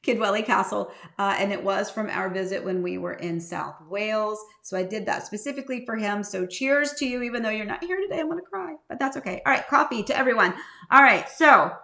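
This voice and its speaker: Lady realtor doing her live coffee chat, super bright voice, rambles and shouts out viewers. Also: medium pitch, fairly quick, vocal fry. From United States. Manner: chatty, rambling, greets viewers by name. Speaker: realtor and live show host. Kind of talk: casual live-stream chat.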